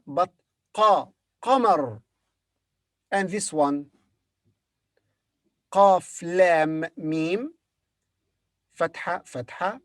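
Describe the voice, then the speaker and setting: A man's voice: sits high, expressive, extremely slow, long pauses, fairly bright tone, no echo. A man teaching a beginner language lesson, spelling each word letter by letter and repeating it several times. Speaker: Arabic teacher.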